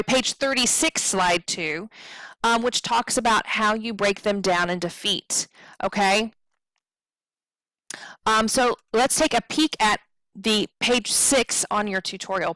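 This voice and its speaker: Slow, patient woman teacher. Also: fairly high pitch, pushed and bright, no room sound, rough recording. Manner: slow, patient explanations with frequent "okay?" checks; draws out words to demonstrate stress. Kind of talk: recorded tutorial on poetry meter.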